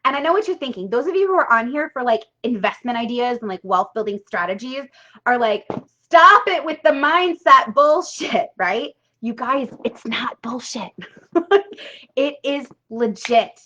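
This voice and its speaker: Woman, money coach on a live stream; slightly high, talkative, punchy and emphatic, swears casually; muffled lo-fi stream sound. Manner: chatty and emphatic, with frequent "right?" and casual swearing. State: tearful at times. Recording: dull lo-fi live-stream audio.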